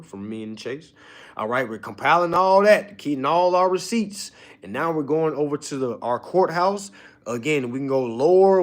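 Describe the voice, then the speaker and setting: Emphatic man lecturing with constant check-ins. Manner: swings from low muttering to loud exhortation. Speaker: online course teacher. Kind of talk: casual motivational lecture.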